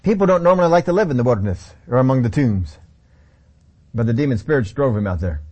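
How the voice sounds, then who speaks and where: A man's voice: medium pitch, animated, fast talker, darkish tone, husky. A man teaching a Bible study sermon in a conversational way, often repeating key phrases.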